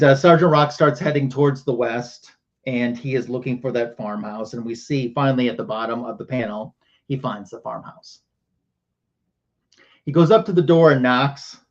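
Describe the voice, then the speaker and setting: A man's voice: mid-range voice, moderate pace, muffled recording. A man hosting a livestream who retells a comic book panel by panel. He talks casually and uses a lot of fillers. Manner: casual storytelling with many fillers. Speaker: show host.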